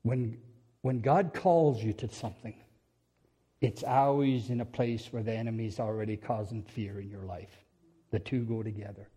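A middle-aged man preaching a sermon in a church, telling stories with laughs and acting out quotes, moving between loud bursts and quiet passages. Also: fairly low pitch, fairly even intonation, normal speed, slightly rough.

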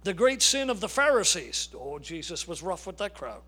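An older man preaching a sermon as a pastor, emphatic, slowing down to stress key words. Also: high-pitched, big pitch swings, bright, forceful tone.

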